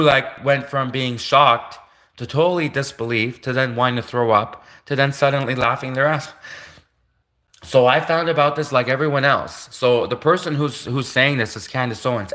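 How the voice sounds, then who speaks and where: A man's voice: medium pitch, pushed and bright. A young Canadian man hosting a livestream, rambling in casual commentary, repeating himself and laughing often. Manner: repetitive, laughing often, casual filler-heavy. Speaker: livestream host.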